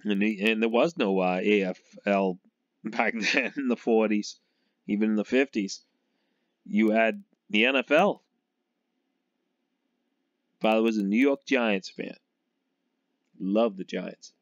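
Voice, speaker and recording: A sports fan vlogger from Massachusetts rambles through a casual football monologue, laughing often and letting his sentences trail off. His voice sits on the low side, and he speaks slowly with long pauses. The lo-fi recording sounds dull, with no room sound.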